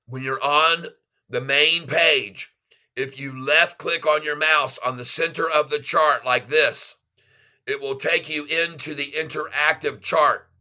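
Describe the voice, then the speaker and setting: An excitable man with a Southern drawl hosts a casual live stream, gushing thanks at his viewers. His voice is very bright and forceful, pitched a bit high for a man. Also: measured pace. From Florida, US. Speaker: livestream host.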